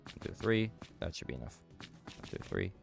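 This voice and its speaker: A man's voice: sits low, lively intonation, normal speed, creaky, soft background music. A young Dutch man streaming a game, chatting casually with his viewers; his nose is stuffed up from a cold. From Netherlands. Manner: chatty, answers chat while playing. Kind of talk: casual chat while gaming.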